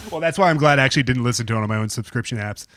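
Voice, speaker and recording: A man from Western Maryland co-hosting a podcast, making wry, easygoing remarks. His voice sits at a middle pitch, and the recording is dry and close. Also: fairly bright tone, no room sound. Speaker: podcast co-host. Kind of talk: casual podcast chat.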